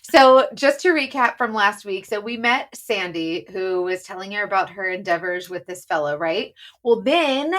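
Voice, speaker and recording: A woman's voice: mid-range voice, animated, moderate pace, hardly any pauses, fairly bright tone. A young woman co-hosting a podcast, chatting in a bubbly, talkative way with frequent laughs. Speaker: podcast co-host. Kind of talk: casual chat.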